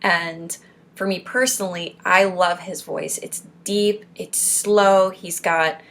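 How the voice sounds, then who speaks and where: A woman's voice: on the low side, steady tone, slow, gravelly, a bit bright. A young woman from Florida reads through speech exercises and adds encouraging asides as a support group host. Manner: encouraging, pep-talk asides between read points. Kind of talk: reading and commenting on speech exercises.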